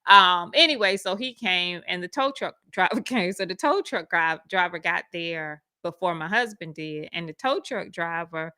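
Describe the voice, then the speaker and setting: A woman casually telling a personal story, animated and acting out the voices of the people in it. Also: moderate pace, hardly any pauses, clear, resonant tone, dry recording. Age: adult with school-age kids. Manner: animated, acts out quoted voices with big pitch jumps. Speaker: speaker sharing a personal testimony.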